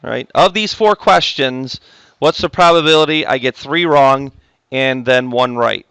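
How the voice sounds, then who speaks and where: A man's voice: mid-range voice, measured pace, a bit bright, clear, resonant tone, dry recording. A man teaching math to a class, joking with the students and stopping often to correct himself. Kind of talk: classroom lecture.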